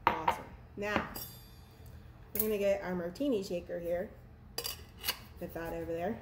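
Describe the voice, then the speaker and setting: A woman's voice: fairly low pitch, fairly even intonation, moderate pace, background noise. A woman from Texas, chatting playfully and laughing at herself while she mixes a drink at home for her vlog. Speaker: vlogger. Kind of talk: casual cocktail how-to vlog. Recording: echoey room with faint ambience.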